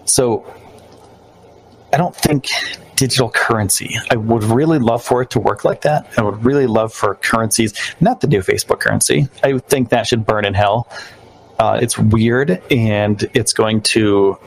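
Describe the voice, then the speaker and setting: Speaking at normal speed with vocal fry, a man with a lowish voice hosts a podcast from New York. The recording is low quality, and his casual live-stream chat rambles with fillers and restarts.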